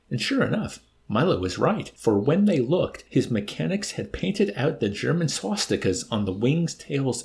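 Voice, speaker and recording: A man reading a novel aloud in an animated way, now and then laughing and adding amused asides. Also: mid-range voice, normal speed, vocal fry, few pauses. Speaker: reader.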